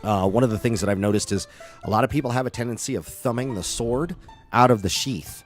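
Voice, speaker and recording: A man co-hosting a casual chat, relaxed and rambling, laughing easily as he explains things. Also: medium pitch, fairly quick, soft background music. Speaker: podcast co-host.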